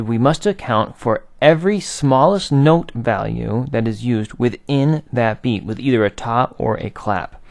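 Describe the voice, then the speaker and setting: A man's voice: mid-range voice, a little mellow, no echo. A man teaching a recorded aural theory lesson, patiently explaining and chanting rhythm syllables.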